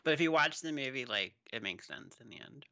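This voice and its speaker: A man co-hosting a podcast, recapping movies in animated, profane casual chat. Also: medium pitch, fairly quick, creaky, no echo, dull audio. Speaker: podcast co-host.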